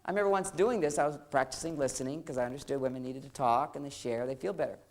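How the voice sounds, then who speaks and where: Guy doing a funny relationship seminar, mid pitch, short punchy lines, acts out little bits of dialogue. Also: fast. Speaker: relationship psychologist giving a seminar. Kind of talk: humorous live seminar talk.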